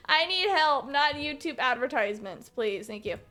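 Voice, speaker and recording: Faint game music plays behind a woman who streams a video game and chats casually, playful and rambling, chuckling to herself. Her voice sits high with big pitch swings, and she speaks unhurriedly in a sharp tone.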